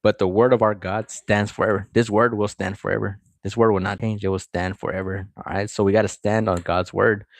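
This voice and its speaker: Low-voiced guy reading the bible out loud, stops to chat and thank viewers, dry close sound. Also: little pitch movement, a little fast, vocal fry, hardly any pauses, no echo. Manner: reads aloud and breaks off to comment, greet viewers. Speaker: scripture reader. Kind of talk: casual scripture reading with commentary.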